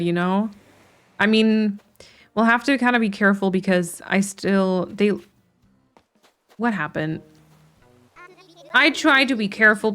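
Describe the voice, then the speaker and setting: Woman streamer, mid pitch, casual think-aloud game chatter, faint background music. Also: fairly bright tone. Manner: chatty, thinks aloud with frequent restarts and light laughs. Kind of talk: casual live-stream chat while playing a game.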